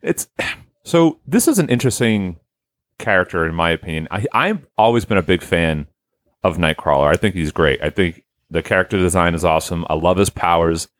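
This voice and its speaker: A man's voice: low voice, expressive, a little fast, dry recording. A man hosting a podcast, talking in a loose, rambling, conversational way. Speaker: podcast host. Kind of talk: casual chat.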